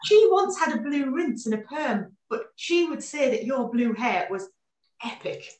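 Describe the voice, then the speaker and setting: Woman in her forties, animated storyteller, video call guest, echoey room, a bit far from the mic. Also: high-pitched, normal speed. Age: 40s. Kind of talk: casual interview chat.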